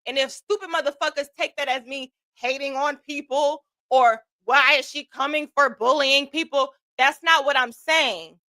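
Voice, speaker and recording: A woman hosts a livestream and argues bluntly, swearing freely as she rants. Her voice sits high and sounds bright and edgy. The sound is dry and close, with no room around it. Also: fairly even intonation, moderate pace, few pauses, no echo. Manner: blunt, profane, argumentative. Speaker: host. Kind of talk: heated livestream rant.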